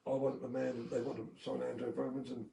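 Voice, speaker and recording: Creaky and dark-toned, his mid-range voice barely moves in pitch as he talks fast. He's a former motocross champion rambling through casual anecdotes on a live video call, full of fillers and chuckles, recorded in an echoey room through a distant mic with faint noise.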